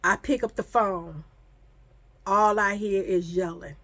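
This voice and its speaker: A pregnant woman tells a storytime vlog in a casual, profane way, her mid-range voice moving at a moderate pace. She's animated, acts out the people she quotes, and mentions feeling sick and foggy.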